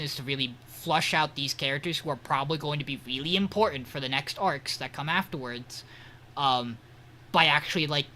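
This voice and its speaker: A man's voice: mid-range voice, bright, forceful tone, slight background noise. A man co-hosting an anime podcast, recapping an episode in loose, profane, filler-heavy chat. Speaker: podcast co-host reviewing anime.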